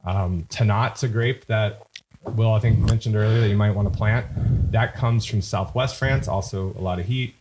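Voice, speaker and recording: Guest expert, male, lowish voice, patient explainer, noisy podcast audio. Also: moderate pace. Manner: patient, explanatory, often drops his voice at phrase ends. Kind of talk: casual interview chat.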